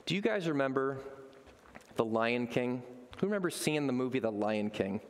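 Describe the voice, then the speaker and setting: A man's voice: mid-range voice, normal speed, long reverb tail. A man preaching a sermon as a pastor, telling stories with energy and acting out voices. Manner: animated storytelling, acts out voices.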